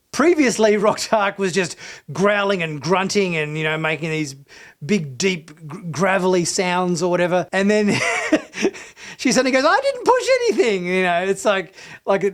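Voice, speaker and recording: A man hosting a TV review channel, talking through an episode in a casual, enthusiastic way with many fillers and restarts. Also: high-pitched. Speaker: TV review host.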